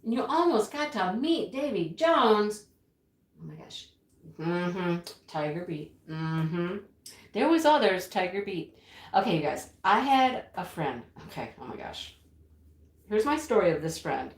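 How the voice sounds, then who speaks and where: Chatty woman hosting a slow live stream. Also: mid-range voice, sing-song, reverberant. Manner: chatty, nostalgic, laughs often, sings snippets. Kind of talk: casual chat reading viewer comments.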